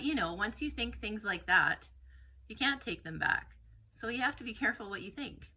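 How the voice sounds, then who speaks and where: A woman's voice: fairly low pitch, sharp tone. A woman reading a story aloud in a folksy, conversational way.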